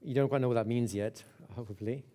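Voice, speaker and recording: Speaking quickly in a dark, medium-pitched voice, a hypnosis instructor teaches a live seminar in conversational fashion. He frequently checks in with "right?" and repeats words as he restarts phrases.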